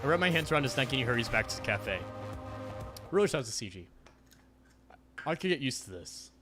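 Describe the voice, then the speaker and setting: A man's voice: medium pitch, big pitch swings, a little fast, pushed and bright, soft background music. A man streaming a visual novel, reading it aloud with playful, wry asides.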